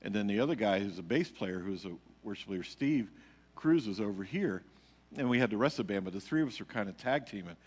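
A male worship leader with a lowish, breathy voice speaks fast and with lively intonation. He rambles through a personal testimony to his church congregation, leaning heavily on fillers such as "you know." It's a live sanctuary stream with long hall reverb.

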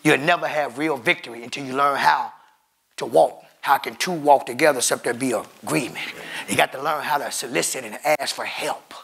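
A man's voice: medium pitch, brisk, vocal fry, a bit bright, husky. A man preaching a sermon as pastor, emphatic and calling out to his congregation, with features.

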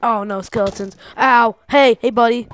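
Excitable young woman narrating gameplay. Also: a little high, moderate pace, clean tone. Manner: excitable, talks to self, swears, laughs often. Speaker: gamer. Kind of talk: casual gameplay commentary.

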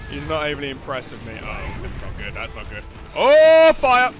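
A man giving casual gameplay commentary, excitable, often laughing and shouting at near misses. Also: mid-range voice, normal speed. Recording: game music playing loudly underneath.

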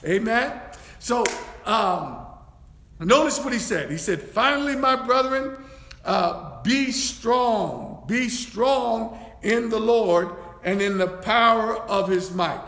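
A man's voice: high voice, expressive, slow, a bit bright. A man preaching a sermon as a bishop-elect, repeating his phrases and breaking in with praise. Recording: echoey church hall.

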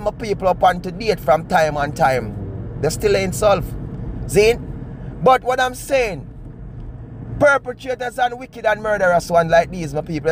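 A man's voice: high voice, slight background noise. A Jamaican man telling a crime story to his viewers in a preachy way, calling them "my people" again and again. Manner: preachy, keeps addressing "my people". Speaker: vlogger. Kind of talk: storytelling commentary.

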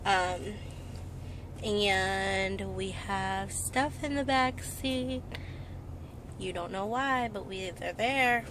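In a very slow, mid-range voice, a woman vlogs casually from a car and a store, playfully teasing her partner. Car and street noise fill the recording.

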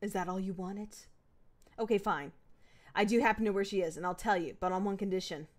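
A woman voicing a cocky show-off schoolboy in a video game, reading his lines in a smug, bargaining way, a little lower and quieter than her own voice. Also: fairly even intonation, brisk, natural voice.

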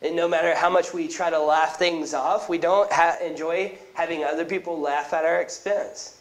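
Man, pastor, sermon in church, animated and conversational, frequent restarts, slightly higher pitch. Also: normal speed, poor audio. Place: church sanctuary.

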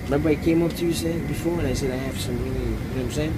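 A man's voice: medium pitch, racing, close to an everyday voice. A man playing an aggressive, foul-mouthed street hustler in an improvised street comedy sketch, taunting and swearing, recorded outdoors on a city sidewalk. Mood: boastful. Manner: swearing, taunting, loud bursts. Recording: outdoor street with loud traffic.

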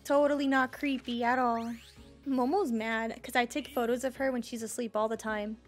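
A woman giving excitable let's-play commentary, squealing over cute creatures and cracking silly jokes. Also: on the high side, moderate pace, soft background music. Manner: silly joking asides. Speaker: gaming streamer.

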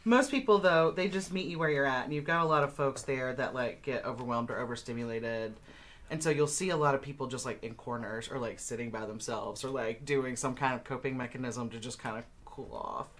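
A woman's voice: very deep voice, fairly quick. A woman co-hosting a live game stream, chatting casually and rambling with lots of fillers. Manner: rambling, many "like" fillers, laughs often. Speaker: co-host of a board game stream.

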